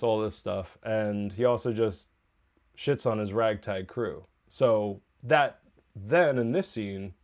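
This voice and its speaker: Speaking slowly in a low, darkish voice, a man hosts a TV review podcast and casually recaps an episode. His delivery is chatty and rambling, full of self-corrections and frequent laughter.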